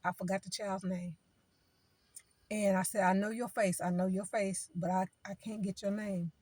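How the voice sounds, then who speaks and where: A woman's voice: mid-range voice, steady tone, moderate pace, a little mellow, slightly rough, dry recording. Woman preaching casually in a dry room. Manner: conversational, repeats phrases, acts out quoted people. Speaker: vlogger giving spiritual advice. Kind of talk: informal preaching to camera.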